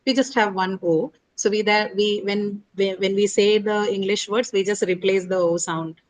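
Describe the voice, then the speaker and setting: A woman's voice: mid-range voice, steady tone, moderate pace, low-quality recording. A woman teaching an English pronunciation lesson, spelling words out letter by letter and checking in with "right?" after each point. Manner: explains patiently, asks "right?" after most points. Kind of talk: online phonetics lesson.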